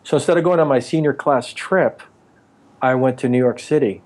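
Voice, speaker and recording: A man in his forties tells long, rambling stories from his early acting days in a casual interview. He slips into the voices of the people he quotes. His voice sits at an everyday middle pitch. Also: moderate pace, darkish tone. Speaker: actor and author, interview guest.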